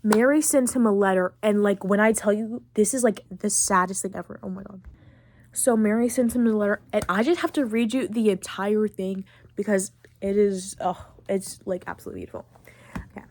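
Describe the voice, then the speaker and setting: A teenage girl hosting a podcast who recaps a video game in a chatty, excitable way, full of fillers. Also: mid-range voice, brisk, a little hiss or hum. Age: late teens. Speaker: podcast host.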